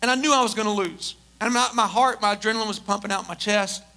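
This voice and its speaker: Middle-aged man, pastor, very high voice, forceful and emphatic, jokey story asides. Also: fast, gravelly. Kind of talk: sermon. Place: church service.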